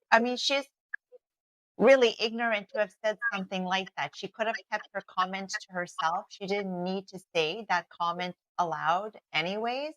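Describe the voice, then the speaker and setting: A woman's voice: mid-range voice, dry recording, low-quality recording. A woman host in an interview conversation, affirming her guest and responding thoughtfully. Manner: affirming, with steady listening murmurs.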